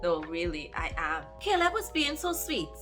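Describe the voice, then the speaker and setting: A woman's voice: on the low side, very animated, moderate pace, over music. A woman chatting casually in a reading vlog, animatedly recapping a romance plot and firing off exclaimed questions. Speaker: book vlogger.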